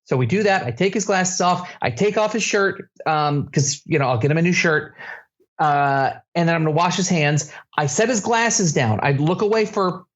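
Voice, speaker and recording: Man, comedic podcast co-host, animated storyteller, fairly high voice, dull lo-fi sound. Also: moderate pace. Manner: animated storyteller, jumps to shrill shouting when quoting himself. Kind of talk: comedic casual chat.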